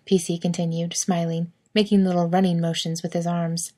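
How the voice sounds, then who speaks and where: A woman narrating a story in a calm, even reading voice. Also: lowish voice, moderate pace, hardly any pauses.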